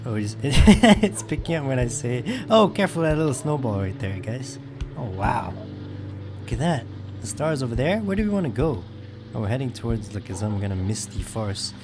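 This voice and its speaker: A man hosting a let's play, talking about his game and shouting commands between chatty asides. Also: medium pitch, very animated, normal speed, soft background music. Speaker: gaming video host.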